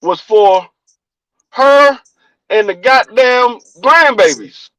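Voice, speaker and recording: High-voiced older man telling animated stories. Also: slow pace, low-quality recording. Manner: animated storyteller, acts out quotes, swears freely. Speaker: podcast host. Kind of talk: casual chat.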